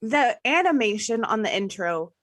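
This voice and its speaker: A woman's voice: fairly high pitch, very animated, normal speed, fairly bright tone, no echo, clean studio sound. A woman co-hosting a podcast, reviewing a movie in casual chat with a wry, joking manner. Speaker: podcast co-host.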